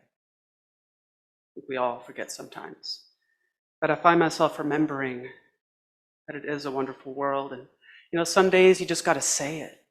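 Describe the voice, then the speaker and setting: A man preaching a sermon as a minister, with a measured, reflective delivery in short phrases. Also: fairly high pitch, fairly bright tone.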